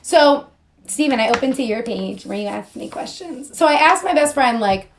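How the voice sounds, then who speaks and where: Young woman, slightly high voice, goofy rambling live-stream host, sing-song and a bit strained. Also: lively intonation, moderate pace, creaky. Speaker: model and influencer. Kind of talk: casual live-stream chat while doing makeup.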